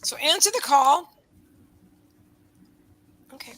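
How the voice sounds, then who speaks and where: A woman giving a live psychic card reading, rambling and breaking off mid-sentence, with quiet murmured asides. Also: high voice, expressive, slow pace, slight background noise, low-quality recording. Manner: rambling, self-interrupting, drops into soft asides. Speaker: psychic reader.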